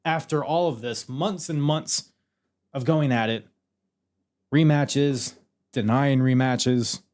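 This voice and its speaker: A man hosting a podcast alone, excitedly recapping a wrestling match move by move and swearing freely. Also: mid-range voice, takes it slowly. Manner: excitable, swears freely, calls moves like a commentator. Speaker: podcast host.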